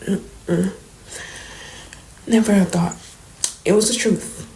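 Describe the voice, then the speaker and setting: A young woman, speaking softly and shakily in an emotional storytime confession, holding back tears and sometimes dropping to near whispers. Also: on the low side, measured pace, gravelly, slight background noise, low-quality recording. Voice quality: soft, trembling at times, drops to near whispers. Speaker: vlogger. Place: indoors, late at night.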